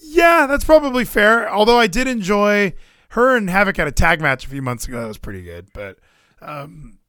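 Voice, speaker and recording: An excitable man rambles through a casual podcast chat, swearing freely and correcting himself as he goes. His voice is bright and forceful and sits a little higher than usual. The sound is dry and close. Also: moderate pace, clean tone, no room sound. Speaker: podcast co-host.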